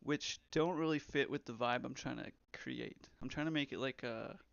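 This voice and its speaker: Through slightly dull, lo-fi stream audio, a young man who makes games rambles casually and reads out chat messages. His voice is creaky and medium-pitched at a moderate pace, with no echo.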